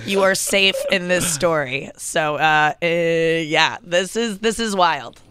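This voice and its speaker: A podcast host in casual chat who is excitable, laughs a lot and cuts in often. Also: medium pitch, slow pace, noisy background.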